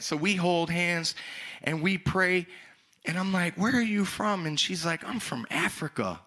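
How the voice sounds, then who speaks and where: A young male pastor telling a story in a sermon, acting out dialogue with loud, animated outbursts. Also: sits high, slow.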